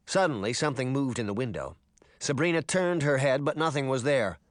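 A man narrating an audiobook chapter in an expressive storytelling manner. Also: medium pitch, a little fast, dry recording, studio quality. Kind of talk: scripted narration.

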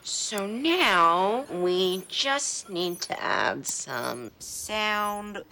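A smug, scheming sitcom villain. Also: male voice, high-pitched, sing-song, drawn-out words, creaky, pushed and bright, full character voice. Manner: smug, theatrical, gloating. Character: scheming pompous young male schemer. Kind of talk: sitcom acting.

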